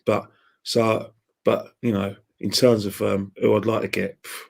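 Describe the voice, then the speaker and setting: A man's voice: on the low side, little pitch movement, unhurried, gravelly, slightly rough. A man talking casually as a podcast guest, rambling and opinionated and laughing at his own jokes. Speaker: podcast guest, football fan. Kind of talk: casual chat.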